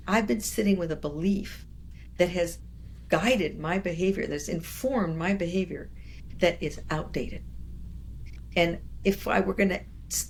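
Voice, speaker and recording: Gravelly-voiced older woman, lower-pitched, lively conversational storyteller, guest on an interview. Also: a little hiss or hum. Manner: animated, expressive storyteller with quoted voices.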